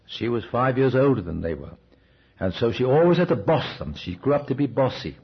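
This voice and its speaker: A man's voice: mid-range voice, very animated, brisk, husky. A man preaching a sermon in a conversational, storytelling way, often asking the listeners questions. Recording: dull, restored cassette recording.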